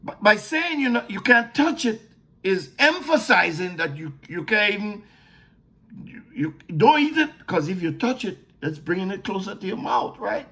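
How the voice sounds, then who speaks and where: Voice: medium pitch, big pitch swings, moderate pace, sharp tone, husky. A preacher giving a sermon teaching, emphatic, repeating words for stress and posing questions only to answer them.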